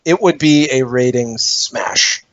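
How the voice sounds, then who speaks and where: A man's voice: mid-range voice, slow pace, dry recording. A man in casual podcast chat, dry and amused. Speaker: podcast co-host. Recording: dry, dull lo-fi audio.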